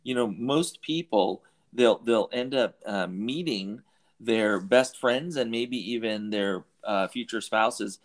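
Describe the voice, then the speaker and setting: A man's voice: fairly low pitch, slow. A middle-aged man from Southern California hosting an interview, talking in a rambling way with many restarts and fillers. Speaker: podcast host. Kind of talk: conversational interview.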